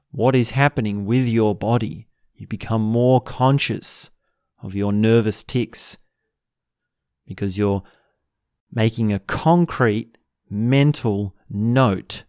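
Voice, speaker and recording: This man's voice sits on the low side and is a little mellow, captured in clean studio sound without echo. Hosting a self-help video, he talks through a practical tip in a loose, playful monologue, laughing now and then.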